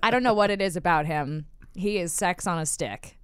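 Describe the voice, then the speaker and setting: A woman's voice: lowish voice, normal speed, background noise. A woman hosting a podcast in casual chat, bubbly and laughing often between words, recorded in a studio. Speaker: podcast host.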